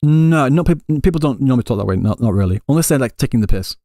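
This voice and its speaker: Male streamer, casual chat with viewers, rambling delivery, mid pitch, dry close mic. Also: animated, quick pace, warm tone, dry recording. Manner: rambling, many restarts, conversational. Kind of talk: casual chat answering live chat. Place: Japan, Kansai area.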